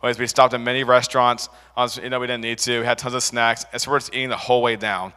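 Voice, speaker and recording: Young guy preaching loosely, lots of "like"s, bright voice, echo of a big hall. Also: mid-range voice, little pitch movement, fast. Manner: rambling, filler-heavy storytelling with restarts. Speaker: youth preacher. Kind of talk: casual sermon with a personal story.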